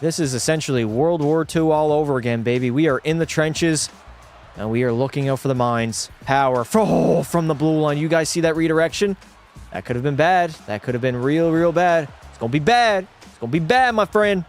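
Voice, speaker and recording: A young man streaming a hockey video game, chatting with his viewers and breaking into profane, shouted rants. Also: a little high, brisk, soft background music. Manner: profane, talks to chat, erupts into shouting rants. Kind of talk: casual gaming livestream commentary.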